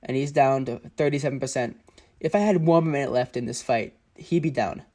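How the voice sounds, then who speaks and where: A man's voice: medium pitch, brisk, a little mellow. A man giving casual play-by-play commentary over his own mobile game footage, often exasperated. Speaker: gaming channel host.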